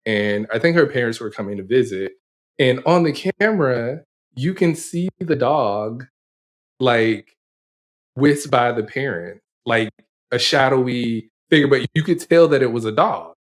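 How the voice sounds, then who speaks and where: A male podcast co-host with a voice of ordinary pitch, chatting casually. He laughs often. He tells rambling, animated stories full of fillers. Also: unhurried. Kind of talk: casual chat.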